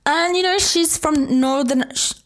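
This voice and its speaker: A woman's voice: high-pitched, unhurried. A woman, co-hosting a casual book chat, laughing often and chatty. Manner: giggly, chatty, reads blurbs in a hushed voice. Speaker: podcast co-host. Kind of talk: casual chat about books.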